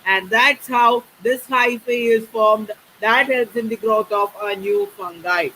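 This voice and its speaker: A man teaching a biology class online, often pausing to check in with his students. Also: high-pitched, bright, forceful tone, slight background noise, poor audio. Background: faint rain.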